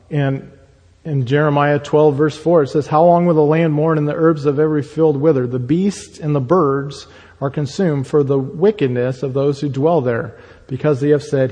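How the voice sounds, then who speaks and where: A man gives a sermon with a mellow, dark tone, walking through Bible passages as he teaches. He often pauses on fillers and restarts his sentences. His voice carries a long reverb, as if he were in a large hall. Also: mid-range voice. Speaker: preacher.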